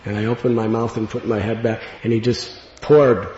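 A man telling a devotional story in an earnest, reflective way, laughing gently at times. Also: mid-range voice, steady tone, a little fast, hardly any pauses, noisy background. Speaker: spiritual speaker. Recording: dull lo-fi recording in an echoey hall with long reverb.

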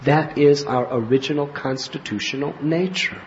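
A man giving a devotional spiritual talk as a teacher, telling anecdotes in an animated way and acting out scenes. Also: a little high, normal speed, slight background noise. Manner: animated storyteller, acts out scenes with laughs and cries. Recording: slightly muffled lo-fi recording with faint ambience.

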